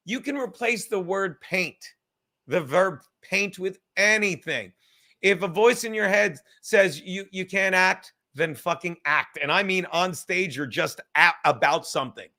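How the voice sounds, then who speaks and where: New man, high bright voice, profane rambling livestream host. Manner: rambling, excitable, swears a lot, laughs often. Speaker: podcast host. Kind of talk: casual profane livestream chat.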